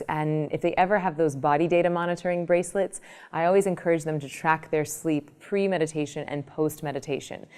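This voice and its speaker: A woman meditation teacher explaining her ideas in an interview, telling lively everyday examples. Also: low voice, clear, resonant tone. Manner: animated storytelling, explanatory. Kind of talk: interview answer with acted examples.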